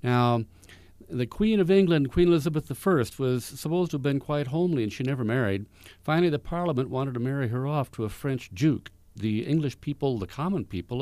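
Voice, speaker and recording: A man hosts a radio show, spinning folklore in a folksy, rambling way full of restarts. His voice is mellow and warm-toned, recorded dry and close in a studio. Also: mid-range voice, dry recording. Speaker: folk music radio host.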